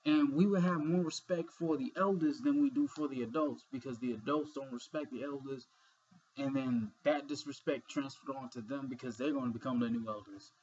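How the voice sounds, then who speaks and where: A man's voice: mid-range voice, brisk, darkish tone, dull audio, a little hiss or hum. A young man vlogging in a rambling, earnest monologue full of fillers and swearing, sleepy and yawning. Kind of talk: casual monologue.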